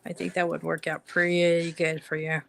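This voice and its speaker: A woman chatting casually with a fellow artist on a live stream, telling stories with quick giggly asides. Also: on the low side, completely flat delivery, creaky, a little hiss or hum. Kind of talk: casual chat.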